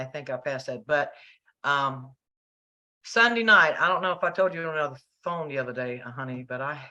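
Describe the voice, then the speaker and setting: A woman's voice: deep voice, bright, forceful tone. A middle-aged woman with a Southern US accent, telling a story in casual chat and acting out the dialogue. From American South. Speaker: channel host.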